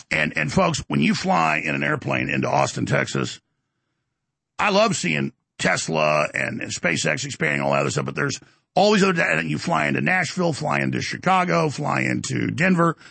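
A man's voice: creaky, bright, forceful tone, slightly rough, no echo. A middle-aged man hosting a talk show, ranting emphatically and acting out quotes. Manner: heated, emphatic, acts out quotes in higher voice. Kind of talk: ranting monologue.

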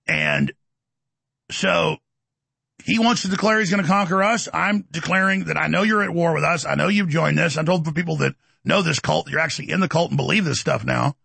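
A middle-aged talk show host goes on a heated rant, combative and blustering with loud bursts. His voice is fairly high, gravelly and edged with breath, recorded without echo.

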